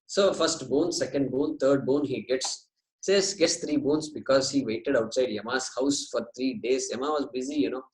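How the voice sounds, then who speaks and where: A man's voice: mid-range voice, normal speed, slight background noise. Male teacher, conversational storytelling, roomy echo. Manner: conversational, mixing in Sanskrit phrases. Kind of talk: scripture class storytelling.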